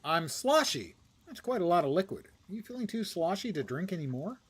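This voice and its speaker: A man's voice: sits high, sing-song, brisk, husky. An older man streaming a game, giving wry, joking commentary and reading quest text aloud. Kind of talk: casual gameplay commentary.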